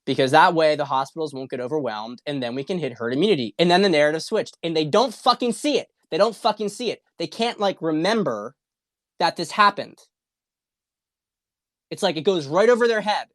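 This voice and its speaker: A man's voice: a little high, lively intonation, a little fast, a bit bright, no room sound, studio quality. A man hosting a political talk stream, ranting in a rambling, repetitive and profane way with a lot of heat. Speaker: political commentary host. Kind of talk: casual livestream monologue.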